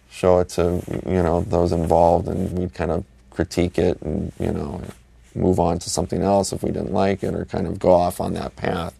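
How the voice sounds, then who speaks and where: A man, an animation director, recalling the work in a relaxed, reflective interview, often saying "you know". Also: low voice, gravelly, dry recording. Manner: relaxed, reflective, filler-heavy. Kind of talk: interview recollection.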